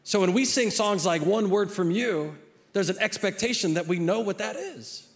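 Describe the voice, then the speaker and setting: A man's voice: high-pitched, moderate pace. A middle-aged male pastor preaching a sermon in a conversational way, often repeating words and restarting phrases. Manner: acts out a child's pleading voice in quotes.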